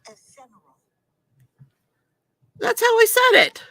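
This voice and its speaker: A woman in her forties hosts a live crafting stream in an easygoing, unhurried way. Her voice has a gravelly edge. She chats with viewers, reads their comments aloud and laughs often, and the sound is dry and close. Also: mid-range voice, sing-song, no echo. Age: 40s. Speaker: host of a live crafting show. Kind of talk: casual live-stream chat while crafting.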